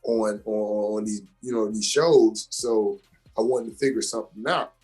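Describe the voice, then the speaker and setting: A young adult man from Georgia in the US, an actor and comedian guest telling his story with animated emphasis in a casual interview. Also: on the low side, measured pace, husky, soft background music.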